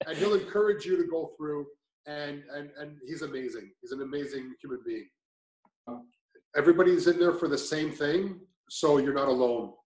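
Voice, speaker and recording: A man's voice: a little high, moderate pace, darkish tone, reverberant, rough recording. A man giving a casual testimonial about his progress, talking in a rambling way with many restarts and fillers.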